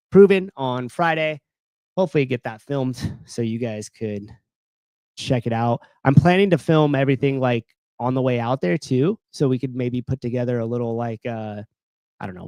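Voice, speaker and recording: A man's voice: mid-range voice, a little mellow, smooth, dry recording. Rambling casual man on a podcast. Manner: rambling, many fillers, swears casually. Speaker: podcast co-host. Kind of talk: casual livestream chat.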